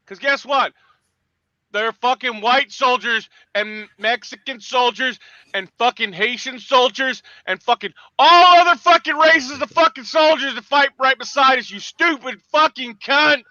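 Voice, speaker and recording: A man hosting a morning livestream, swearing through angry, shouting tirades. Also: very high-pitched, moderate pace, no room sound, muffled recording. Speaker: host. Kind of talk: profane morning livestream rant.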